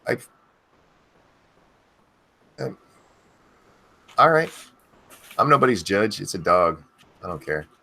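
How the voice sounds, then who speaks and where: A man's voice: lowish voice, very animated, takes it slowly, creaky, long pauses, bright, forceful tone, slightly rough. A man hosting a casual online chat show, loose and rambling, thanking his audience and co-hosts. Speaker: podcast host.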